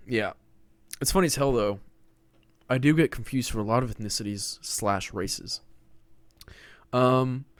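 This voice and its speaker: Guy in his 20s just rambling on his own podcast, jokey, says dude a lot, average pitch, dead dry room. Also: dry recording. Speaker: podcast host. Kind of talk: casual solo monologue.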